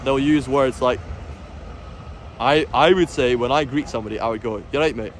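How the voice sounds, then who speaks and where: A man in the middle range of pitch talks to camera outdoors, opinionated and rambling, with a self-mocking laugh in his manner. Faint traffic hums behind him in the street. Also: moderate pace. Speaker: bagpiper vlogger. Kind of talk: casual opinionated talk to camera.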